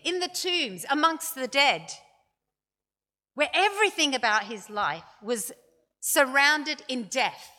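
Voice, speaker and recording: A woman preaches in a slow, unhurried sermon, her voice high and bright. She tells the story in measured steps and leans into the quoted lines. Her words echo with a long reverb, as in a church hall.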